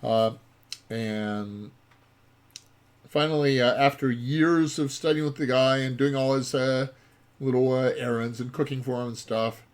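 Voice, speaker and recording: A man's voice: mid-range voice, steady tone, measured pace, clear, resonant tone. A man who designed the game, giving let's play commentary while he plays it, rambling and full of ums and uhs. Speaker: game designer playing his own game.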